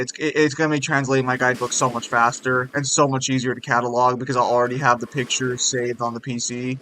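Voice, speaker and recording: A young man streaming a video game, chatting excitably and swearing a lot. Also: mid-range voice, fast talker, hardly any pauses. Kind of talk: casual gaming stream chat.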